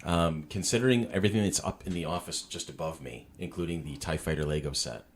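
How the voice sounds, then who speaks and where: A man's voice: rumbling low, quick pace, a little hiss or hum. A middle-aged man hosting a casual podcast chat from his dining room, rambling and self-deprecating with lots of restarts. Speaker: podcast host. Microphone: portable podcast setup.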